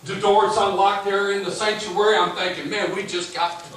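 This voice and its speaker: A man's voice: high voice, flat delivery, moderate pace, fairly bright tone. A man preaching as pastor in a church sanctuary, folksy and storytelling, acting out the voices of the people he tells about. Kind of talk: casual sermon talk. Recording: echoey church, distant mic, music behind.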